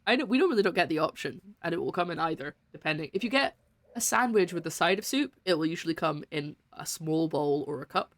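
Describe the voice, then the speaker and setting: A woman's voice: sits low, lively intonation, fast, dry recording. A woman streaming a game, giving casual, giggly, rambling commentary.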